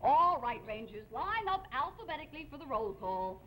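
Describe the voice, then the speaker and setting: A woman's voice: sits high, sing-song, moderate pace. A woman playing a rigid, commanding female pack leader of girl rangers in a comedy sketch, heard over a noisy TV broadcast with a studio audience. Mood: stern. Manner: stiff, military, commanding. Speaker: comic actress in a TV sketch.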